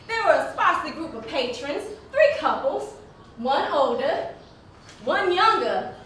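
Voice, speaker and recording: A woman playing a petite, spirited young singer, telling her story on a stage in a lively, folksy manner. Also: high voice, slight background noise, heavily acted. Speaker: narrator of a one-woman stage play. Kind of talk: theatrical storytelling. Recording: echoey hall from far off, faint music.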